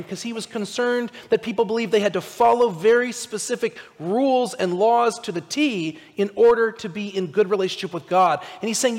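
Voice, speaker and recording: A male pastor giving a conversational, animated sermon, asking his listeners direct questions. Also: high-pitched, normal speed, hardly any pauses, long reverb tail.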